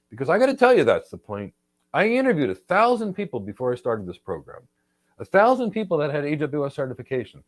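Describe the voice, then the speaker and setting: A man's voice: a little high, no echo. A man hosting a live career Q&A, answering viewer questions in a blunt, emphatic and repetitive way. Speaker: host, career trainer.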